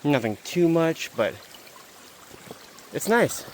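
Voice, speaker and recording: A man's voice: fairly high pitch, slow, a little hiss or hum. Breathless young man on a hiking trail. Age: young adult. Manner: chatty, repeats himself, excited about views. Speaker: vlogger. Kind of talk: casual hiking vlog. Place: outdoors on a mountain trail.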